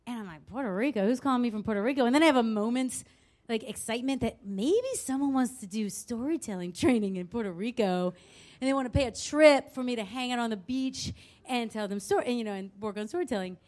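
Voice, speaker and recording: A woman telling a true story at a live show, expressive and quick to swear and laugh at herself. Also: fairly high pitch. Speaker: storyteller on stage.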